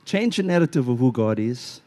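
A male pastor preaching a sermon in a church, animated and playful, acting out little voices as he tells a story. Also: medium pitch, brisk.

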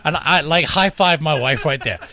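A man ranting casually on a radio talk show, animated and laughing as he goes. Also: a little high, normal speed, vocal fry. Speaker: guest commentator.

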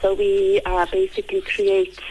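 A woman calls in to a radio interview. Her voice is husky from a sore throat. The tinny phone line carries a faint hiss. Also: medium pitch, completely flat delivery, unhurried, darkish tone. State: husky from tonsillitis. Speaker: guest, tech company founder.

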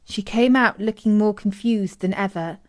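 Brief: woman narrator for a children's story, clear and measured. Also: mid-range voice, a little mellow.

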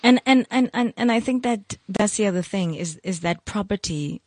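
A woman's voice: medium pitch, lively intonation, normal speed, no room sound, clean studio sound. A woman hosting a radio talk show, interviewing a guest and often repeating words as she begins. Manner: warmly agreeing, repeats words when starting.

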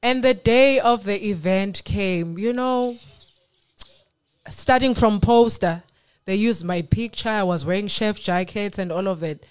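A woman from South Africa telling her faith testimony on a radio talk show, earnest and animated. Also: medium pitch, measured pace, clean tone. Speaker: guest sharing testimony.

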